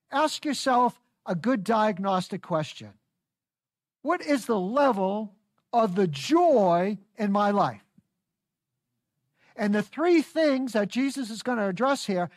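A woman's voice: fairly high pitch, no room sound, clean studio sound. A woman preaching a sermon in a folksy, teasing and emphatic manner.

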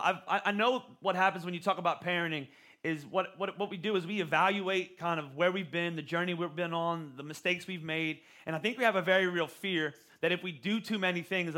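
Preaching a sermon, a man in his forties keeps things relaxed and conversational, often repeating words as he restarts phrases. His voice has a bright, forward quality and sits high for a male.

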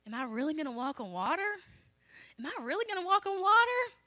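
A man's voice: very high-pitched, very animated, fairly quick, bright, forceful tone, no room sound, studio quality, full character voice. A woman acting out an anxious male disciple who nervously questions himself on the edge of a boat.

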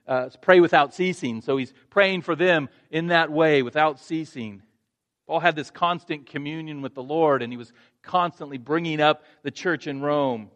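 A man's voice: fairly high pitch, a bit bright. A male pastor preaching a sermon, earnest, restarting phrases and rising to emphatic points.

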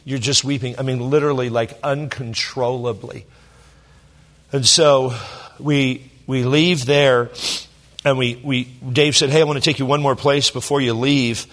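A middle-aged man from Southern California, a pastor telling a personal story in a sermon, emotional and halting with many restarts. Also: medium pitch, steady tone, fairly bright tone.

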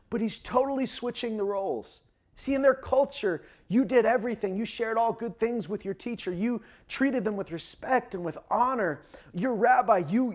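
High-voiced conversational male preacher. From Canada. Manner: conversational, with frequent fillers and repetitions. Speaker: pastor. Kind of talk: sermon.

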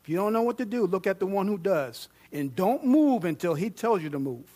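A man preaching a sermon, reading scripture aloud with growing excitement, joking with and questioning his congregation. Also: high-pitched, a little fast. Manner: animated, rising to loud fervent reading; jokes with the congregation and asks them questions.

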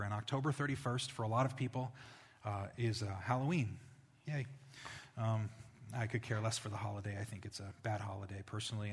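A man preaching a sermon as pastor, telling stories and growing animated when he quotes others. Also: medium pitch, big-room sound.

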